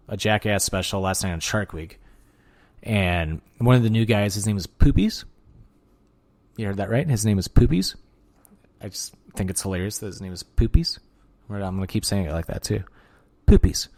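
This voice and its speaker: A man hosting a podcast alone, talking casually and excitedly, with lots of swearing and filler words. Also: fairly low pitch. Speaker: podcast host. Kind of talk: casual solo podcast monologue.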